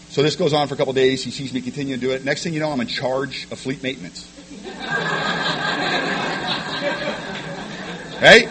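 Sharing his recovery story with a meeting, this man speaks in an expressive mid-range voice over background noise. He's candid and pokes fun at himself, rushing and tripping over repeated words.

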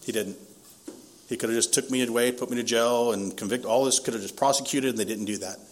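A man's voice: medium pitch, steady tone, quick pace, a little hiss or hum. A man in his forties from Southern California giving a candid, self-deprecating recovery testimony at a meeting, often laughing at himself.

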